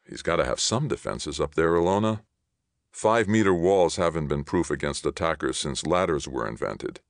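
A man's voice: a bass voice, animated, normal speed, gravelly, no echo, studio quality, exaggerated voice. A man reading aloud voices a young male soldier in clipped, wary questions.

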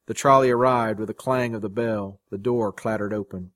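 A man reading a short story aloud as its narrator, in a measured, dramatic way. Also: on the low side, steady tone, no room sound, clean studio sound. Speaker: story reader. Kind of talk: scripted narration.

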